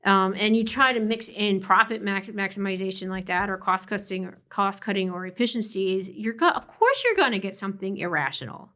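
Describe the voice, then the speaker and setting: A woman law professor speaking as a guest on a podcast interview, animated and quick to laugh, often trailing off and restarting her sentences. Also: mid-range voice. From family from West Virginia. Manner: animated, laughs often, frequent fillers and self-corrections.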